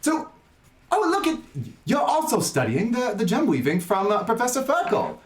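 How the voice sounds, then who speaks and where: A man voicing a jovial, excitable male tiefling star scholar, attempting an Australian accent. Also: very high voice, moderate pace, echoey room, crowd noise, pitched above the performer's own voice, full character voice. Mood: excited. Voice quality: bubbly, chatty, effervescent.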